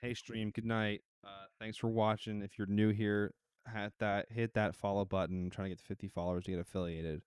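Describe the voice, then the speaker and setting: A man's voice: fairly low pitch, little pitch movement, brisk, clean tone, dry recording, studio quality. A young man streaming live, chatting casually and rambling, swearing freely and often restarting his sentences. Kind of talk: casual chat.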